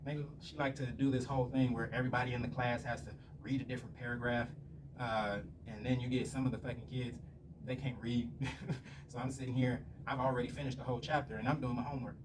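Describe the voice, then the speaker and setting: Fast and level-toned, a medium-pitched male vlogger rants casually to camera, spinning meandering stories full of swearing. Faint room noise comes through a mic placed slightly far away.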